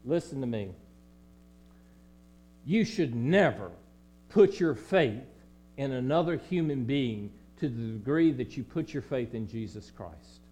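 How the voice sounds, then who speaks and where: A pastor with a Southern accent preaching a sermon in a church, swinging between loud emphasis and quiet, low passages. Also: male voice, expressive, measured pace, long pauses. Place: church sanctuary.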